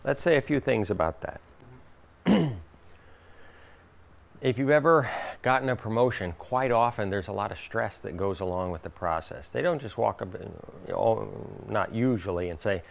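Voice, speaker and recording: A man's voice: fairly low pitch, moderate pace, creaky. A man teaching a workshop and answering audience questions, acting out quoted voices and laughing often. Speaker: spiritual teacher.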